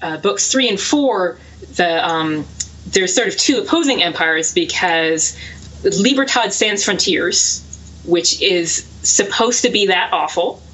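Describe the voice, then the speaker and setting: Bright, quick-laughing woman author. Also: on the low side, expressive, poor audio. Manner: quick, laughing, self-deprecating. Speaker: author guest. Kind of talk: casual interview chat.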